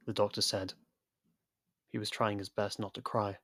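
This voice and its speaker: Low-voiced male storyteller. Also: moderate pace. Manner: steady storytelling delivery. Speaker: narrator. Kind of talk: scripted narration.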